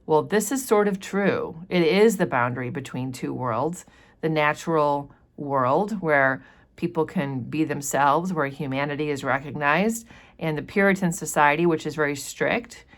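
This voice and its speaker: A woman's voice: low voice, measured pace. A woman teacher chatting through a novel chapter, explaining passages with casual fillers. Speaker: literature teacher. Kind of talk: casual book commentary with read passages.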